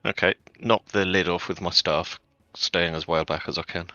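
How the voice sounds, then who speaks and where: A man playing a tabletop game, stating his actions briskly and decisively. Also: deep voice, steady tone, sharp tone, no room sound, dull audio, soft background music. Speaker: player. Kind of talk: casual tabletop play.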